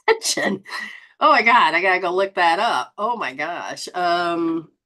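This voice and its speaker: A woman hosting a spiritual live stream, reading viewer comments and coaching them in a lively, exclaiming, rambling way. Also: on the low side, takes it slowly. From Southern Hemisphere. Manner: animated, exclaims and laughs often. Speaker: host.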